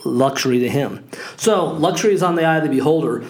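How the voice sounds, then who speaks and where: A man's voice: fairly high pitch, fast talker, darkish tone. Upbeat rambling man in his forties. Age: 40s. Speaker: podcast host, real estate agent. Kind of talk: casual monologue.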